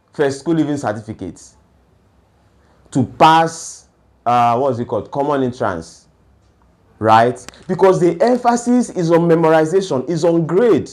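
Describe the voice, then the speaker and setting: A man's voice: medium pitch, darkish tone. A man giving a lecture-style talk on education, asking rhetorical questions and then answering them. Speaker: education speaker.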